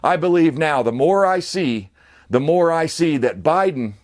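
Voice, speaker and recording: A man's voice: fairly high pitch, lively intonation, a little slow. A man giving a casual, rambling political rant as an online commentator, blunt and profane.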